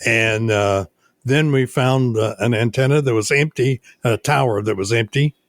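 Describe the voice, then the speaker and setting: Brief: older man, radio station owner, unhurried storyteller, mid-pitch, dry recording. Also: no room sound. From United States. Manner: unhurried storytelling, many "uh" pauses. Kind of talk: casual interview chat.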